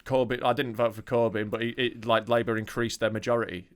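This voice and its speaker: A man's voice: mid-range voice, little pitch movement, fast. A man from North Yorkshire, a comedian co-hosting a casual podcast, talking in a laid-back, sweary, self-deprecating way. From North Yorkshire, England.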